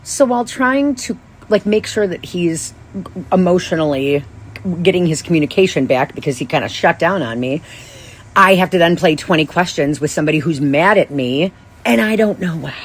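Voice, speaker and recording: A woman in her thirties, a podcast host, telling a rambling, animated story with many restarts and asides. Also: deep voice, moderate pace, slight background noise. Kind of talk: casual storytelling monologue.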